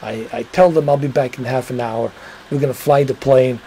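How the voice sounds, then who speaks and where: A man's voice: medium pitch, fairly even intonation, moderate pace, dark tone, a little hiss or hum, rough recording. A man hosting a livestream, chatting casually and rambling to his viewers, swearing now and then. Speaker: livestream host.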